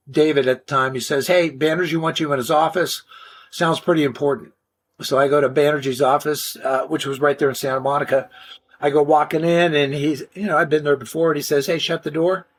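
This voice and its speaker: An older man telling stories casually in an interview, animated and slangy, often restarting his sentences. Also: fairly high pitch. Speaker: interview guest.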